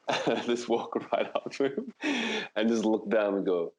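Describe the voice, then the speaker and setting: A man's voice: lowish voice, wildly swooping pitch, unhurried, darkish tone. A man playing a tabletop game, chatting casually and playfully on a dull lo-fi mic. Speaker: player.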